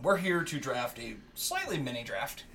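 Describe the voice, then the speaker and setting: Guy hosting a podcast, bright tone, jokey and all over the place in pitch. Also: huge pitch swings, normal speed, a little hiss or hum. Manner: joking, playful, breaks into laughs. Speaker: podcast host. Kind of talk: casual podcast banter.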